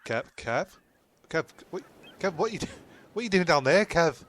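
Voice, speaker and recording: A man's voice: a little high, lively intonation, normal speed, fairly bright tone, a little hiss or hum. A man playing a casual shipwrecked castaway who calls out informally to his friends in an amateur audio drama. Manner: calling out, informal.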